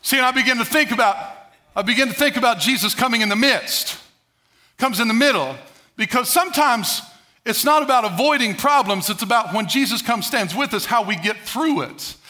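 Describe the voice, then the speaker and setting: Male pastor, sermon delivery, high voice with a bright edge, dramatic shifts from booming to hushed. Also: expressive, a little fast. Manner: emphatic, swings between loud declarations and hushed asides.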